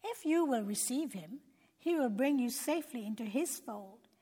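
A woman narrating a children's Bible story in an earnest, gentle preaching tone. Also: on the high side, lively intonation, moderate pace, husky. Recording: long hall reverb.

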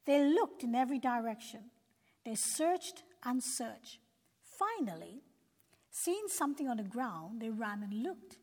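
A woman narrating a children's Bible story in an earnest, gentle preaching tone. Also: fairly high pitch, very animated, unhurried. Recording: long hall reverb.

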